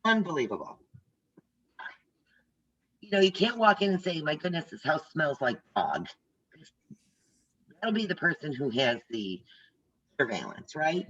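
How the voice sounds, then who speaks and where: Older lady teaching realtors over a video call, bright voice, chatty, slightly muffled audio. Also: deep voice, breathy edge. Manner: chatty, tells stories, talks straight to trainees. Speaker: real estate instructor.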